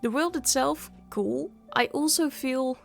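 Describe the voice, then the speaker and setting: A woman's voice: high-pitched, a little slow, gravelly, soft background music. A woman hosting a gaming channel, talking through a game in a chatty, candid way while nursing a sore throat. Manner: chatty, candid, muttering asides. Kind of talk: casual let's-play commentary.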